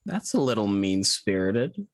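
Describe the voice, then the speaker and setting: A man playing a tabletop game with dry, deadpan humor. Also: on the low side, unhurried, dry recording. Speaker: player.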